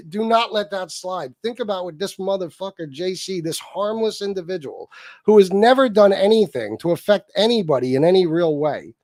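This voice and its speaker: Man, livestream host, mocking rant, swearing, laughing, slightly high voice, dry close mic. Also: no echo. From Sicilian heritage. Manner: mocking, profane, laughing often. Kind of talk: ranting livestream commentary.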